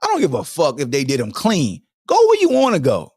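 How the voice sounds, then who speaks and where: Brisk and husky, the man hosting this podcast tears into a solo sports commentary, cursing and using slang as he addresses listeners directly. The studio-quality sound has no room tone, and his animated delivery lurches between loud high bursts and low mumbles.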